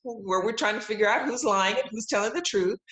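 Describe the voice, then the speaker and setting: A woman's voice: medium pitch, fairly quick, a bit bright. Upbeat laughing woman, roomy sound. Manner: upbeat, laughs often, emphatic repetition. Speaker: TV judge, interview guest. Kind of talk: casual interview talk. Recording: roomy echo.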